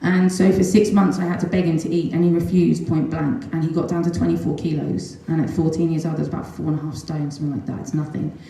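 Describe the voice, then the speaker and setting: A middle-aged woman, a mother giving an earnest, animated testimonial full of ums and nervous laughs. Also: sits low, quick pace, vocal fry, hardly any pauses. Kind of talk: emotional personal storytelling talk. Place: large echoey room at a talk event. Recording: very echoey room.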